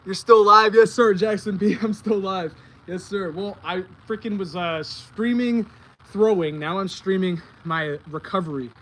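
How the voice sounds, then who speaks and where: Out on the grass, a young guy streams his baseball training live, chatting casually with slang while catching his breath. He speaks unhurriedly in a voice that sits high.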